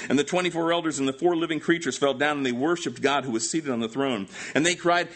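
A man preaches with a voice pitched a little high for a man, moving between loud, shouted exclamations and quiet, low-pitched passages. He reads scripture aloud slowly, leaning hard on each word, then drops back into direct, emphatic talk to the congregation. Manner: reads scripture aloud with slow stressed delivery. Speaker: pastor. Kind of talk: sermon.

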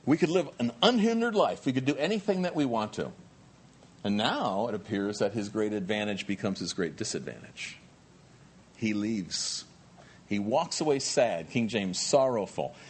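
A middle-aged male pastor preaching a sermon in a lively, conversational way with jokey asides. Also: lowish voice, moderate pace, slight background noise.

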